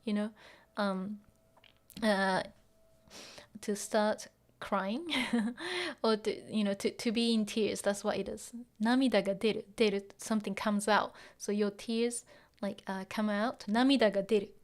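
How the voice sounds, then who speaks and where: A woman gives a relaxed Japanese lesson, switching between English explanations and Japanese phrases. Her voice sits a little high, and she fills her speech with ums and easy laughs. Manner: laughs often while explaining. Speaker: Japanese teacher. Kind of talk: casual language lesson.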